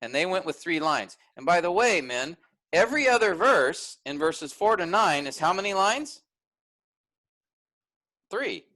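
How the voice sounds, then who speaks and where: A man's voice: high voice, sing-song, measured pace, pauses often, bright, forceful tone, low-quality recording. A man teaching a workshop, explaining step by step and often checking in with "all right?".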